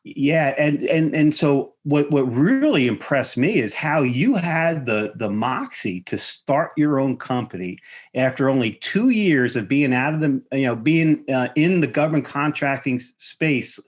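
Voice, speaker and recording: Male podcast host, halting delivery full of restarts, mid-range voice. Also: mid-range voice, expressive. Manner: halting, many restarts and fillers. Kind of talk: conversational interview.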